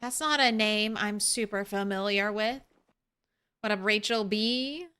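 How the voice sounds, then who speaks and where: A woman's voice: medium pitch, a little slow, pushed and bright, clean tone. A young adult woman streaming a game live, chatting casually and greeting her viewers with giggles. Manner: bubbly, greets chat, giggly.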